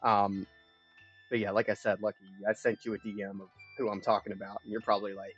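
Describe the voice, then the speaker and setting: A man's voice: on the low side, little pitch movement, fast talker, a bit bright, slightly rough, soft background music. A young man live streaming, telling a long personal story in a rambling, profane, frank way. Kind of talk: casual storytelling chat. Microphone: streaming mic. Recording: dull lo-fi stream audio.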